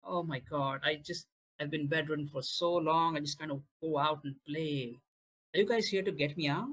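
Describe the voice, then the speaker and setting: A man's voice: fairly high pitch, moderate pace, breathy edge, poor audio. A man doing a moody grown man, cheery then furious. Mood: cheery, childlike. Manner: swings from cheery to shouting. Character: adult man flipping between childish glee and angry confusion.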